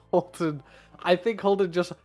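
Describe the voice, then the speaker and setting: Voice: mid-range voice, darkish tone. A player in a tabletop game, giggly and hesitant. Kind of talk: casual tabletop play.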